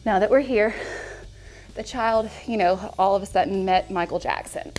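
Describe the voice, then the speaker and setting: A woman's voice: mid-range voice, moderate pace, darkish tone, soft background music. A woman leading a yoga class, chatting and joking playfully as she guides the poses. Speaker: yoga instructor.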